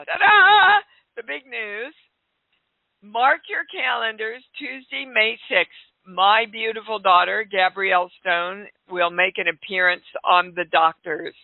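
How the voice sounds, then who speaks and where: Woman radio host, slow and gravelly, blunt but chatty, on a thin, dry line. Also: mid-range voice, no echo. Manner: chatty and direct, gently scolding callers. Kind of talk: call-in radio talk. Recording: dry, phone-like narrow sound.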